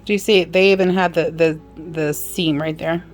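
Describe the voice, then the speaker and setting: A woman's voice: fairly low pitch, fairly even intonation, normal speed, faint music behind. A woman giving a casual sewing demonstration, chatting and apologizing in asides as she works. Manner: chatty, apologetic asides, talks while working. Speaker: sewing instructor.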